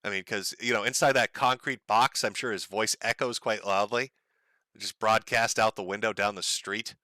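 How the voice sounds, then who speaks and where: A man's voice: fairly low pitch, fairly even intonation, normal speed, bright, forceful tone, dry recording. A man from the United States hosting a casual livestream, talking in a profane, sardonic way and chuckling often. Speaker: livestream host.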